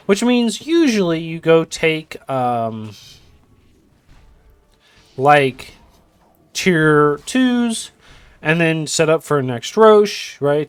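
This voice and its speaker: A slightly high, smooth male voice, recorded with no room sound, calls a video game match as an esports caster. He wanders off on tangents, makes joking asides, and leans heavily on "you know".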